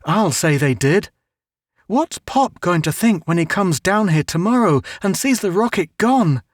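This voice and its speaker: Man playing a young boy, earnest, clever, quick, raised pitch, dry sound. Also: lively intonation, no echo.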